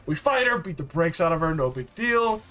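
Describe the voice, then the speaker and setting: A man recapping a story game in a rambling, excitable, slangy way, full of fillers and asides. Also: a little high, moderate pace. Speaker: game reviewer.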